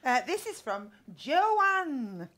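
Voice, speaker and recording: Woman reading out letters, slow and halting, voice jumps high and low. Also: very animated, a bit bright. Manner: halting, giggly letter reader.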